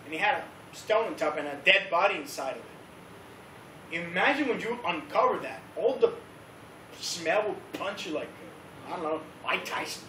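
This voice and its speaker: A man with a fairly high voice tells a story to a church youth group in a loose, lively way and slips into excited voices for the crowd. He sounds far from the mic in an echoey room, with a faint hiss behind him. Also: moderate pace. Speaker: youth leader. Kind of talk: casual youth-group teaching. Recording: roomy, distant recording with faint background noise.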